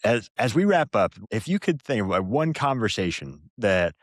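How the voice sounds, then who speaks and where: A man hosts a podcast interview, asking questions in a thoughtful, loosely phrased way. His voice is very low. The recording is dry and close. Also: sing-song, normal speed, dry recording. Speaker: podcast host. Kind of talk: interview conversation.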